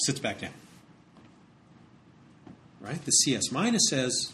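A man of middle pitch delivers a relaxed lecture and talks it through conversationally. He often restarts phrases and fills pauses with "um" and "uh." A faint noise sits under the recording. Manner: conversational, repeats words and uses many fillers.

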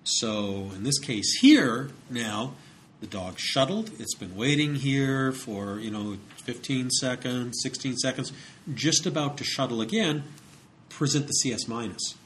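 A man of middle pitch delivers a relaxed lecture and talks it through conversationally. He often restarts phrases and fills pauses with "um" and "uh." A faint noise sits under the recording. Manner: conversational, repeats words and uses many fillers.

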